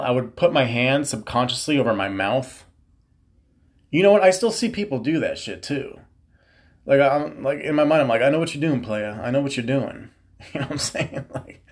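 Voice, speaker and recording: Podcast host, male, 30s, mid-pitched, loose profane storyteller. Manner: profane, animated, slangy storytelling. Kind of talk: casual storytelling monologue.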